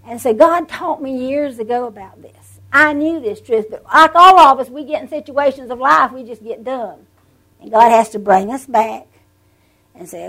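A woman preaching a sermon, telling stories with animated emphasis and drawn-out words. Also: on the high side, poor audio.

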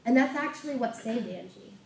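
A woman's voice: on the high side, expressive, fairly quick, vocal fry, a little mellow. Impassioned woman preaching in a roomy space. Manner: impassioned storytelling. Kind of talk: sermon testimony. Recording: roomy sound from a distant mic.

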